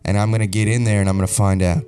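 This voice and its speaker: A young man with a lowish voice delivers a rambling comedy rant, crude and ironically earnest, as if building an absurd argument. Faint music plays underneath. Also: flat delivery, rapid-fire, warm tone. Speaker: comedic video host.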